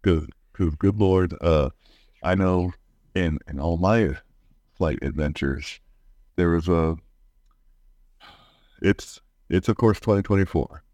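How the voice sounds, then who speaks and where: A man's voice: sits low, takes it slowly, long pauses, mellow, no room sound. A man chatting casually as a podcast co-host, often stumbling and repeating his words. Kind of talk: casual chat.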